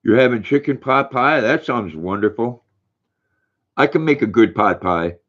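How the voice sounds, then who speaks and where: A man's voice: medium pitch, normal speed. Folksy older man reading live chat. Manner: relaxed, folksy, reads viewer names and messages. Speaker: livestream host. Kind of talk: casual livestream chat, reading comments aloud. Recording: dull lo-fi stream audio.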